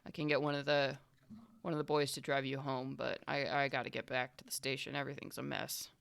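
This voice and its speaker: A woman's voice: extremely low pitch, flat delivery, a little fast, vocal fry, clean tone, dry recording, voice pushed down. A woman voicing a weary middle-aged male police chief who gives brusque orders.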